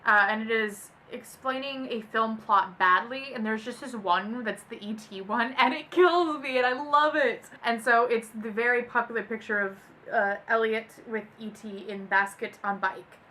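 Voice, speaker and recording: A woman's voice: fairly high pitch, moderate pace, few pauses, bright, forceful tone. A young woman hosting a casual book vlog, reading poems aloud and often breaking into laughter. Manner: giggly, easily amused, breaks into laughter. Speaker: booktuber host.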